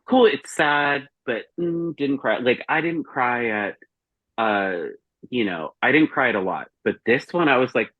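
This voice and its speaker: A man's voice: mid-range voice, expressive, a little slow, dry recording. Man, casual chat, rambling profane stories, dry muffled sound. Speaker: guest reviewer.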